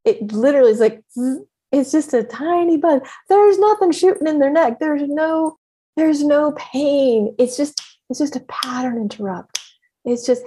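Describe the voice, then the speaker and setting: A woman coach giving a motivational talk in an emphatic, animated way, laughing often. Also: sits high, measured pace.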